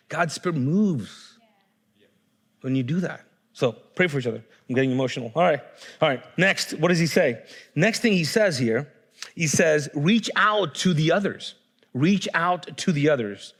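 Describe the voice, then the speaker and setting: Male pastor, fairly high voice, loose and conversational sermon delivery with mounting fervor. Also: a bit bright. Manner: conversational, with frequent restarts and rising fervor.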